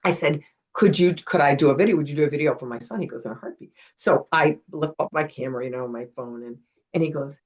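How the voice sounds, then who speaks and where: A middle-aged woman, a retired television producer, telling animated stories as a guest in a casual interview. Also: low voice, quick pace, breathy edge, dull audio. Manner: animated storyteller acting out quotes.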